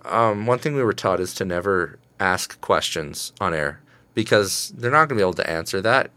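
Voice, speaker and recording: A man's voice: sits low, expressive, moderate pace, pushed and bright, clear, resonant tone, no echo. A young man co-hosting a podcast, chatting casually and self-deprecatingly, often slipping into mock voices. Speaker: podcast co-host. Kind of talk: casual chat.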